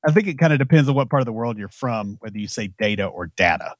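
A man's voice: mid-range voice, expressive, rapid-fire, dry recording. A man with a Southern US accent, co-hosting a casual technical talk with dry joking asides. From American South. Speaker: podcast co-host.

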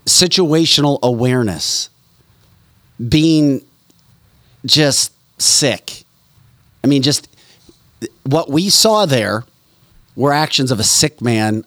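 An indignant man hosting a political talk show, hammering his points and repeating phrases for emphasis. His voice sits at an ordinary male pitch, and the sound is close and dry with no room around it. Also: no room sound. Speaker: show host.

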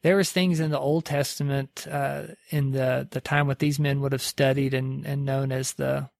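A man's voice: mid-range voice, level tone, normal speed, gravelly, a little mellow, no echo, clean studio sound. A man preaching by retelling a story in a loose, conversational way. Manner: conversational, lots of "like" and restarts. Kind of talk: sermon storytelling.

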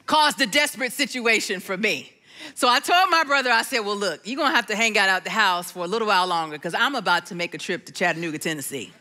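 A middle-aged woman delivers a sermon through a family story, acting out each voice as she goes. Her voice sits high and bright, and it swoops freely from line to line. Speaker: preacher.

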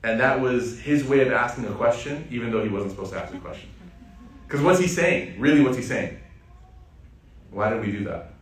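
Lively man preaching in an echoey hall. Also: mid-range voice, fairly quick. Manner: lively, conversational retelling addressed to the audience. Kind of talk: sermon storytelling. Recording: echoey room, distant mic.

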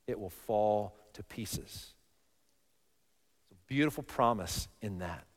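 Emphatic preacher in an echoing hall. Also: male voice, on the low side, slow. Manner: emphatic, swings from loud passion to quiet. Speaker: pastor. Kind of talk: sermon. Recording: long reverb of a large hall.

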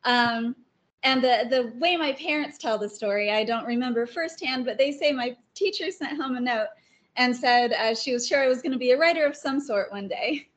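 A woman guest talking casually about her favorite writers, chatty and quick to laugh. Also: sits high. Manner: chatty, laughs often, many fillers. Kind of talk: casual interview chat.

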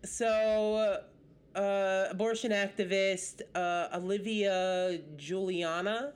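A woman's voice: medium pitch, lively intonation, unhurried, a bit bright. A woman co-hosting a podcast, telling a news story in casual chat with blunt asides. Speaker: podcast co-host.

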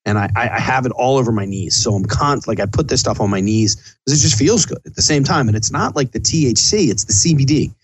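A middle-aged man rambles through a casual podcast monologue in a loose, chatty way. His voice sits at an ordinary pitch and sounds dry and close, with no room around it. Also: expressive, fairly quick, few pauses, husky, dry recording. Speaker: podcast host and chef.

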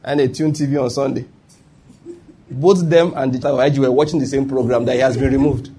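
A man's voice: medium pitch, fairly even intonation, a little fast, dark tone, slight background noise. A man with a Nigerian accent preaching a sermon, emphatic and often asking whether listeners follow his point. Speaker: pastor.

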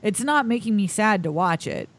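A woman co-hosting a casual talk show, replying in a calm, matter-of-fact way. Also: medium pitch, moderate pace. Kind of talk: casual chat.

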